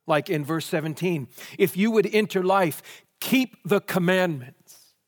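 A man's voice: sits high, unhurried, big-room sound. A man preaching a sermon, posing question after question before answering them emphatically.

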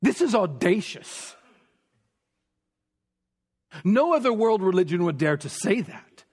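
A man with a high voice preaches a sermon at an unhurried pace, leaning on repeated phrases and sometimes sinking to a near whisper. His voice rings with the long reverb of a large church hall. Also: very animated, slightly rough. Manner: emphatic, repeating phrases, dropping to a hush for stress.

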